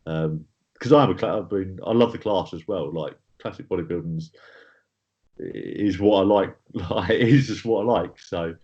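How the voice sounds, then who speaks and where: A man's voice: low voice, moderate pace, warm tone. A man, a guest talking casually about his sport in a plain-spoken, rambling way with fillers and the odd swear word. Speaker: guest bodybuilder. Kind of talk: casual podcast chat. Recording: slightly dull lo-fi audio.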